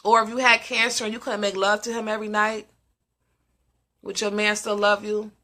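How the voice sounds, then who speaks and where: Emphatic woman with a bright, ringing voice. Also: mid-range voice, level tone, normal speed. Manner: emphatic, repeats questions. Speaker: host of a live discussion. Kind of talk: casual live-stream talk.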